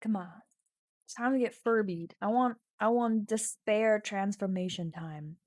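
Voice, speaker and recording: A woman streamer casually reading a text adventure game aloud, playful and giggly, often breaking into loud mock shouting. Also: medium pitch, measured pace, no room sound, clean studio sound.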